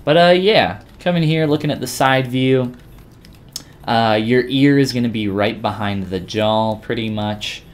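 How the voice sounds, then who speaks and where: Speaking at a measured pace in a medium pitch, a man demonstrates 3D sculpting live while chatting with viewers. His manner is laid-back and rambling, with lots of restarts.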